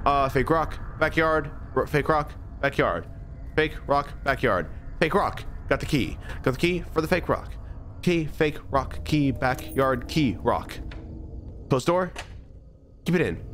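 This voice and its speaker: A man's voice: on the high side, animated, unhurried, fairly bright tone, soft background music. A young man streaming a horror game, chatting and joking to himself as he plays. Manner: chatty, jokey, talks to himself. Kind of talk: live gameplay commentary.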